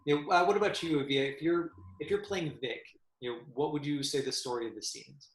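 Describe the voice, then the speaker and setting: A man teaching an acting class, explaining a script to his students in a halting way, with many fillers and restarts. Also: fairly high pitch, echoey room, low-quality recording.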